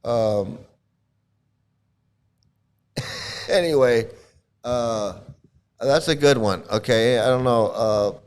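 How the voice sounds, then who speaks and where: A man's voice: medium pitch, drawn-out words, long pauses, clean tone. An older man giving casual, blunt commentary, rambling with frequent restarts and swearing freely.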